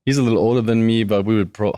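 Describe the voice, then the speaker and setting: A man's voice: fairly low pitch, racing, clean tone, dry recording, clean studio sound. A young man from Germany with a light German accent, chatting casually and easily as an interview guest. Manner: relaxed, chatty, frequent restarts. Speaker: guest, professional wrestler.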